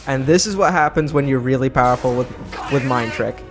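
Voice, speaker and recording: A man's voice: medium pitch, steady tone, fairly quick. Man from Britain, game commentary host, sarcastic and chatty, game music under him. brief. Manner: chatty, sarcastic, reacting to play. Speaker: let's play host. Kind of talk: gameplay commentary.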